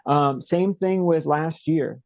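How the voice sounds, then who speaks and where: A man's voice: on the high side, takes it slowly, gravelly, dry recording, dull audio. A young man as an interview guest, telling a story in a rambling, casual way with many fillers and restarts.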